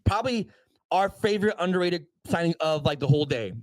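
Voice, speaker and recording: Slightly high-voiced man running down news. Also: animated, no echo, low-quality recording. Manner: rattles through news items with quick offhand asides. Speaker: podcast co-host. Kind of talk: casual sports talk livestream.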